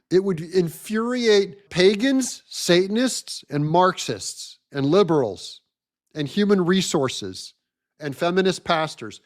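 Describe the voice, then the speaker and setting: A man hosting a political commentary show, talking in a sarcastic, mocking, excitable way. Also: on the high side. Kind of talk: opinion commentary monologue.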